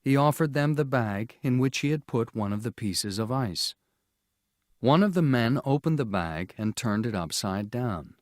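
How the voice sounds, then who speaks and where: A man narrating a storybook audiobook in a slow, measured, clear reading style. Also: mid-range voice, animated, darkish tone, dry recording, studio quality.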